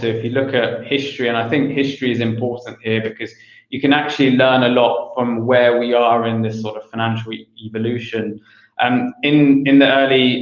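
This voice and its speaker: A man giving an online conference presentation, hesitant with many fillers and restarts, on a video call mic with roomy, dull audio. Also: medium pitch. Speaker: conference speaker.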